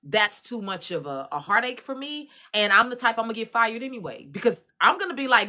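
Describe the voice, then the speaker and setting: A middle-aged woman from Dallas with a Texan accent, giving a casual commentary and telling animated stories straight to her listeners. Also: a little high, quick pace, hardly any pauses. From Dallas, Texas. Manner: animated storytelling, addresses listeners directly. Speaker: commentary host.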